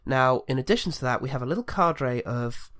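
A man reviewing a film on a podcast in easygoing chat. He sums up the plot with dry, sarcastic jabs. His delivery is steady and conversational. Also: medium pitch, fairly quick. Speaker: podcast co-host.

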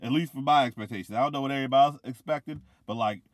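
A young man in casual chat who rambles with lots of "like" and gets excitable. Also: medium pitch, very fast, no echo, studio quality. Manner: rambling, filler-heavy, excitable.

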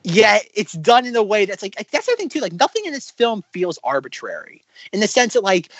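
A man co-hosting a casual film podcast, talking excitedly with lots of fillers and restarts. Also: sits high, fairly quick, slightly rough, no echo. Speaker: podcast co-host.

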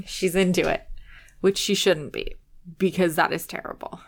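A woman's voice: on the low side, steady tone, a little slow, gravelly. A woman co-hosting a casual movie review podcast, playful and wry, joking about the film. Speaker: podcast co-host.

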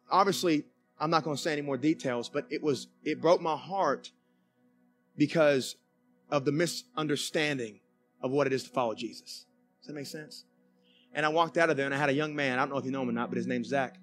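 A male pastor preaching a conversational sermon in a church, folksy and animated, with many restarts. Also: on the high side, moderate pace, long pauses, soft background music. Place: church sanctuary.

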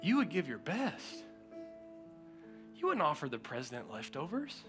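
A male pastor preaching a sermon, telling stories with lively acted-out quotes and frequent laughter. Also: a little high, normal speed, music in the background. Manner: animated storytelling, acts out quotes, often laughs.

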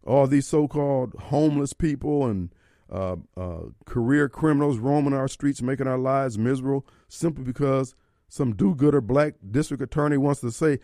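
A man's voice: mid-range voice, moderate pace, mellow, no room sound, studio quality. Fiery talk radio host, man. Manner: preachy, fiery, rhetorical questions. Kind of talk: opinionated talk radio monologue. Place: radio studio. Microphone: studio microphone.

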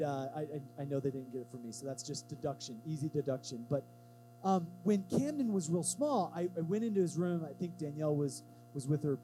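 A man preaching a sermon as pastor of a church, talking to the congregation in a relaxed, emphatic way and acting out quotes in lively voices. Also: high voice, slight background noise, rough recording.

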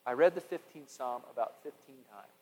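A man's voice: medium pitch, expressive, a little fast. Man preaching in a reverberant hall. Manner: impassioned, swings from loud to hushed. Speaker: pastor. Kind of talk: sermon.

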